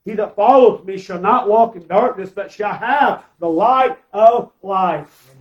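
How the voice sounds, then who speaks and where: A man's voice: high-pitched, measured pace, highs cut off. A male pastor preaching a sermon, emphatic, asking rhetorical questions and calling for amens from the congregation.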